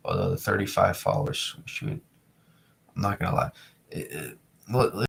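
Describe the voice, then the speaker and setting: A man's voice: low voice, sing-song, moderate pace, gravelly, long pauses, a little hiss or hum. A young man from New England chatting casually to his live-stream viewers, rambling and repeating himself as he reads the chat. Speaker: weather streamer.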